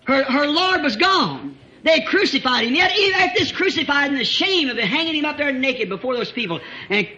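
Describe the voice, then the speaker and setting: A revival preacher with a very high, expressive voice speaks fairly quickly, his fervor rising to shouts, with chuckles slipped between phrases. The recording is an old, lo-fi tape.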